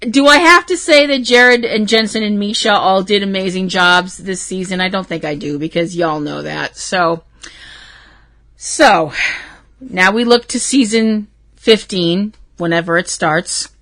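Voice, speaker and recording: A woman hosting a casual fan podcast, talking dramatically and swinging from loud outbursts to hushed asides. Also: mid-range voice, measured pace. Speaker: podcast host.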